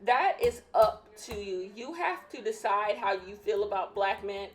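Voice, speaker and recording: A woman's voice: medium pitch, unhurried. A young woman hosting a casual solo podcast, opinionated and emphatic, repeating her points, a bit out of breath. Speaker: podcast host.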